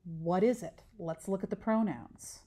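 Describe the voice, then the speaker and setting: A woman's voice: fairly low pitch, measured pace, mellow. Patient woman teacher explaining step by step. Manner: patient step-by-step explaining, asks and answers her own questions. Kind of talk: recorded online lesson.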